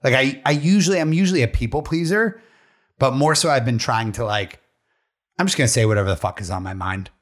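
A man from Pennsylvania co-hosting a casual podcast, slightly hoarse, talking loosely with lots of fillers and swearing. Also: medium pitch, quick pace, fairly bright tone. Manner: loose, chatty, full of fillers and profanity. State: hoarse after a weekend party. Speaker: podcast co-host.

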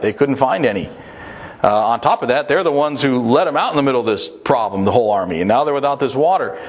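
A man preaching a sermon in a conversational way, with emphatic rises in pitch and a pace that speeds up and slows down. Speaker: pastor.

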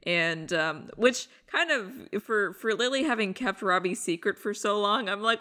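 A woman's voice: moderate pace, hardly any pauses, bright, forceful tone. A woman hosting a podcast, chatting casually through an episode recap and acting out quoted lines. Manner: chatty, acts out lines with pitch jumps. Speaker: podcast host.

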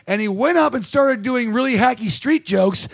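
A man's voice: very high voice, expressive, normal speed, creaky. A man hosting a podcast, telling a rambling, profane, self-deprecating story about a bad comedy gig in casual chat. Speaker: podcast host and stand-up comic.

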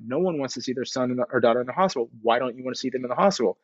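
A man's voice: mid-range voice, lively intonation, very fast, hardly any pauses, dry recording, dull audio. A man giving an earnest motivational talk about changing his habits, speaking conversationally and repeating phrases for emphasis. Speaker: speaker sharing recovery story.

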